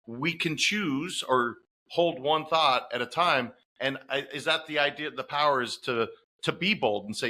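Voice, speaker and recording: A man's voice: mid-range voice, a little slow, sharp tone. A man hosting a podcast interview, talking enthusiastically and affirming his guest, thinking aloud with small restarts. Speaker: podcast host.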